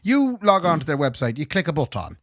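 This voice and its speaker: An Irish man in casual podcast chat, with a lively voice that jumps around as he retells phone calls in his own words. He sits a little high for a man, and the sound is close and dry. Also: fairly quick, no room sound. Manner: animated storyteller, acts out phone calls. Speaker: podcast co-host.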